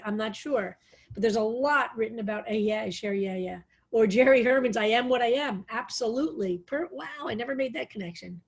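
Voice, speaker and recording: A woman's voice: on the high side, slightly rough. Enthusiastic woman rabbi teaching online. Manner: thoughtful, enthusiastic, reads verses aloud slowly. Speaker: rabbi teaching a psalm study. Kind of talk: online text study class.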